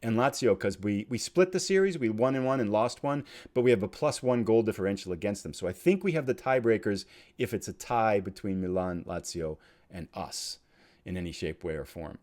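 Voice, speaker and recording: A man hosting a let's play, thinking aloud as he plays and swinging from quiet muttering to loud excited cheering. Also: lowish voice, brisk. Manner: chatty, thinks aloud while clicking. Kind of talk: game commentary.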